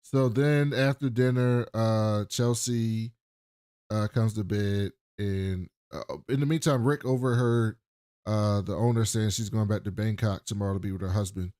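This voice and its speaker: In clean studio sound with no echo, a podcast co-host with a lowish voice walks through a TV episode at normal speed. He keeps it casual and lively, acting out what the characters said.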